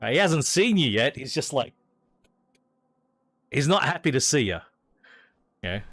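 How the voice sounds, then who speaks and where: A man's voice: mid-range voice, very animated, a little slow, a bit bright, dry recording. An Australian man chatting casually as he streams a racing game, rambling with hesitations and restarts. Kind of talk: casual gameplay commentary.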